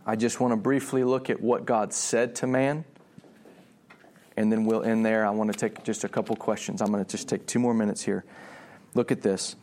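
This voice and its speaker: A man preaching a sermon, animated, often restarting his phrases and acting out voices in the story. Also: normal speed. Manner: animated, acts out God's voice with rising pitch; frequent restarts and repeated words.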